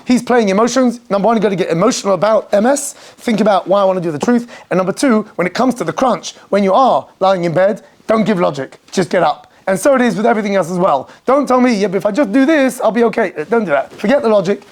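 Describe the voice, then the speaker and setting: Animated rabbi teaching a class. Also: male voice, high-pitched, fast, hardly any pauses. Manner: animated, acts out quoted voices and asks rhetorical questions. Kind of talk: informal Torah class.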